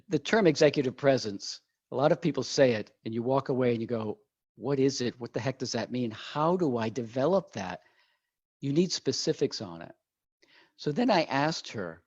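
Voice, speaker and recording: A man speaks as an executive coach, telling a story and voicing each side of the conversation with lively energy. His voice sits in the middle of the male range. The audio is dull and lo-fi. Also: medium pitch, no room sound. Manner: animated, acts out quoted dialogue. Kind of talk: storytelling in an interview.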